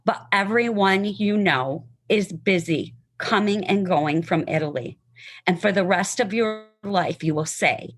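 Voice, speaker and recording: A woman's voice: mid-range voice, unhurried. A woman sharing her personal testimony and reading a poem aloud, heartfelt and emotional, sometimes stumbling over words.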